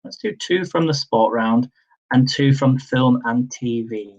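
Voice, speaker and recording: A young man hosting a live-streamed quiz, reading each question slowly, repeating it, and adding chatty asides. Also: medium pitch, a little mellow, dull audio. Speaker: quiz host.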